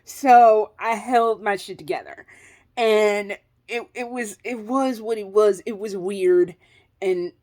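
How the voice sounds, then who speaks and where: A woman vlogger telling a personal story in a casual, animated way, swearing freely and laughing through it. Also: mid-range voice, slow pace.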